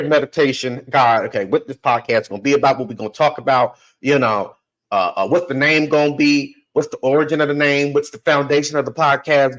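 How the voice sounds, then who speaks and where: Podcast guy telling his story, kinda high voice, repeats himself for emphasis, talks right at you. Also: fairly bright tone, rough recording. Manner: emphatic, repeats phrases, talks straight to listeners. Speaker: podcast host. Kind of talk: storytelling monologue.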